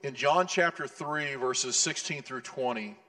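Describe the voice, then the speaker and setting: A man's voice: medium pitch, a little slow, pushed and bright, in a large hall. A male pastor preaching a sermon in an earnest, conversational way with casual asides.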